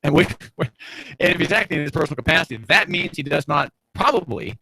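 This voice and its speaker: A Southern man hosts his talk radio show from a small home studio, with a heavily gravelly, crackling voice and a bright, forceful tone. He rambles through a sardonic monologue with many restarts and fillers. The sound is close and dry. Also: a little high, lively intonation, fast talker, no room sound. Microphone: studio mic, streamed on video.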